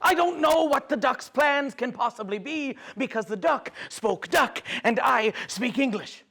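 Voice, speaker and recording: A man's voice: very high voice, animated, bright, forceful tone, exaggerated voice. Young man playing a rambling fisherman. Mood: excited. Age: young adult. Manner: hesitant, full of fillers, chuckling, quick to get worked up. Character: rambling excitable male fisherman. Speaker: interviewee. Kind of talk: student comedy news skit.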